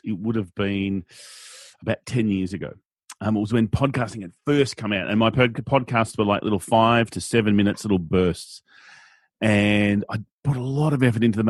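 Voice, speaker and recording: Australian male MC guest, husky mid voice, dry close sound, animated. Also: fairly low pitch, dry recording. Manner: animated, playful, acts out quotes in silly voices. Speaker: guest, event MC. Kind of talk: conversational interview.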